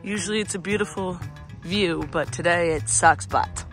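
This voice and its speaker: A woman vlogging at home in a playful, rambling way, often joking at her own expense. Her voice sits in a middle register and carries a roomy echo. Music plays clearly underneath. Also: mid-range voice, unhurried. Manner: playful, rambling, self-mocking. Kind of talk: casual daily vlog.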